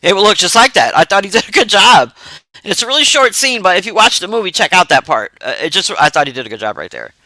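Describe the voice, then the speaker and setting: A man's voice: high voice, very animated, fast, pushed and bright, dry recording, rough recording. A man casually recapping a film plot in a rambling, profane way with frequent laughter. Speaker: movie reviewer.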